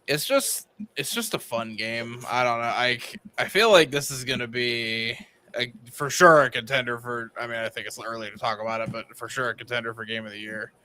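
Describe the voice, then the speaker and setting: A man's voice: medium pitch, brisk, pushed and bright. A man co-hosting a gaming podcast, talking in an easygoing, hesitant way with many fillers. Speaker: podcast co-host. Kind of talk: casual gaming podcast chat.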